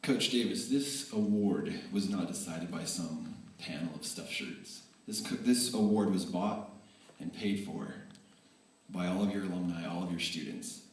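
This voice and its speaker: A man's voice: sits low, measured pace. Guy giving a fired-up banquet tribute, big hall echo, sounds a ways off the mic. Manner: energetic, animated storytelling that swings between excited and earnest. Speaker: former student giving a tribute speech. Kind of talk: banquet tribute speech with anecdotes. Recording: echoey hall, voice from far off.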